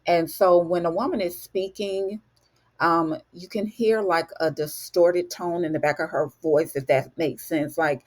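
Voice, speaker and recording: A chatty woman with a fairly low voice recaps a story for her viewers in a loose, casual way. She keeps calling her listeners honey and y'all. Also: steady tone, measured pace, a little mellow. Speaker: recap host.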